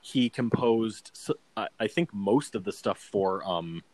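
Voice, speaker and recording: A man's voice: lowish voice, a little slow, darkish tone, no echo, poor audio. A man co-hosting a casual podcast chat, rambling with lots of fillers and acting out quoted lines. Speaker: podcast co-host. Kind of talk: casual chat about a TV adaptation.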